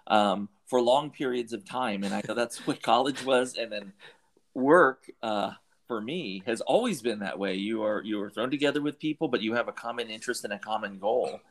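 A middle-aged man from Southern California hosting an interview, talking in a rambling way with many restarts and fillers. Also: mid-range voice. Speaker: podcast host. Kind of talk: conversational interview.

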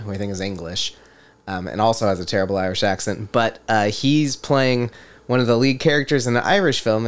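A man's voice: on the low side, smooth. Laughing male podcast host. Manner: laughing often, reading quotes aloud. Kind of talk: casual chat.

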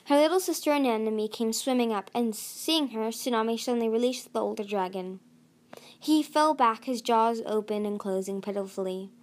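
A woman's voice: a little high, moderate pace. A woman narrating a storybook aloud, reading steadily with small slips and restarts. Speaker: audiobook reader.

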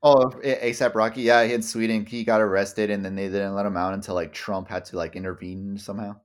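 A man's voice: lowish voice, level tone, brisk, clean tone. A young man co-hosting a casual podcast chat, rambling and swearing often, with many stammered restarts. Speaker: podcast co-host.

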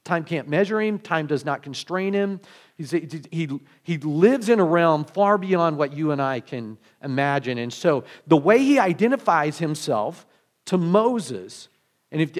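A man delivering a sermon with a somewhat high-pitched voice. He talks conversationally, piles up rhetorical questions and restarts his phrases as he works through his points. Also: lively intonation, measured pace. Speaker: pastor.

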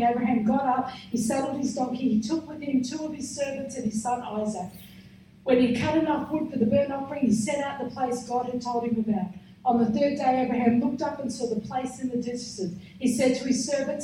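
Woman preacher, very high voice, fervent, shouts then drops quiet, far off in a very echoey hall. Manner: fervent, repeats "come on", swings between shouting and quiet. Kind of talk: sermon. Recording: echoey hall, speaker far from mic, faint noise.

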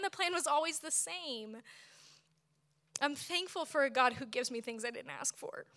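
A woman in her thirties is preaching, with a high voice that rings clear and bright. She tells her own story in an expressive, lively way, and her telling is full of laughter. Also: a little slow. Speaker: speaker at church. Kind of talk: personal testimony sermon.

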